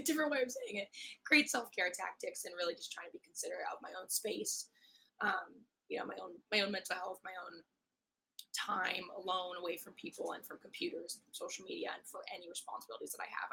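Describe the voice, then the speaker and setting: A young woman talks through a casual solo podcast, chatty and quick to swear, slipping into playful mock-angry rants. Her voice is bright and edgy but hoarse and husky, worn out from screaming. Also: medium pitch, poor audio. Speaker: podcast host.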